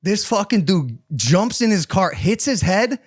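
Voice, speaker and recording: A young man co-hosting a podcast, telling a story in a casual, animated way with lots of swearing. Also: high-pitched, measured pace, breathy edge, no echo, clean studio sound. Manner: animated, swearing, acts out voices in stories. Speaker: podcast co-host. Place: podcast studio.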